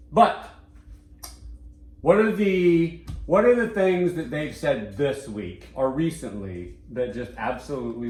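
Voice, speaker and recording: A man co-hosting a casual podcast, telling stories in an animated way and swearing freely. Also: mid-range voice, reverberant. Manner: animated, profane storytelling. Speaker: co-host.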